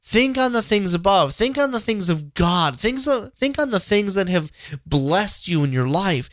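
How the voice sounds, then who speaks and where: A man's voice: sits high, sing-song, a little slow, fairly bright tone, no echo, clean studio sound. Earnest stammering man podcasting on faith. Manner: earnest, repetitive, frequent restarts. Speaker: podcast host. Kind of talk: inspirational faith talk.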